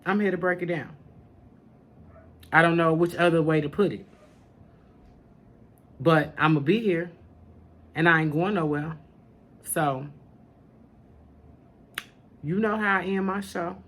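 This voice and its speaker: Slow, sassy woman podcast host. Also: low-pitched. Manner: sassy and familiar, calls listeners honey and baby. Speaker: podcast host, spiritual teacher. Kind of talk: casual spiritual talk to camera.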